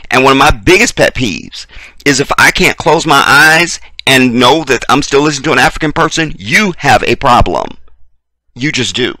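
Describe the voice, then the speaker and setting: A man's voice: mid-range voice, expressive, moderate pace, bright, forceful tone, dry recording. An American man delivering an impassioned, profane commentary rant, blunt and preachy, hammering points by repeating himself. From United States. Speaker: video commentator.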